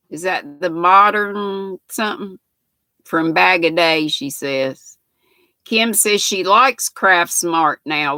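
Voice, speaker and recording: A woman's voice: mid-range voice, pushed and bright, no room sound. An older woman hosting a casual livestream, chatting homely and reading out viewers' comments as she greets them by name. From North Carolina, US. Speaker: livestream host.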